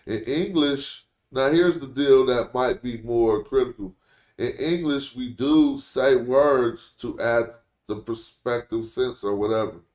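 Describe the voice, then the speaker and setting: A language teacher hosting a casual live-stream lesson speaks in a medium-pitched, darkish voice at an unhurried pace. He explains points conversationally and thinks aloud, and the recording has a roomy echo.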